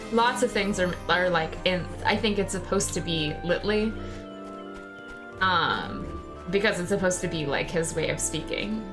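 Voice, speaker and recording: A young adult woman streamer chatting casually and thinking aloud while she plays. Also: lowish voice. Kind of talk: casual gameplay commentary. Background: game music.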